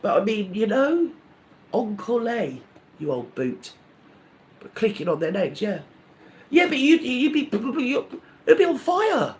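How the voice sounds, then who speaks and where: A man's voice: very high-pitched, sing-song, moderate pace. A man hosting a live stream, ranting in a rambling, indignant, gossipy way with many restarts.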